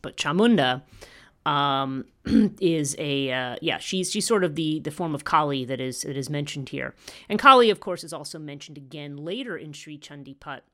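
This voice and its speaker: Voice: medium pitch, lively intonation, normal speed, fairly bright tone. A teacher giving a podcast lecture in a rambling way, with frequent fillers and restarts.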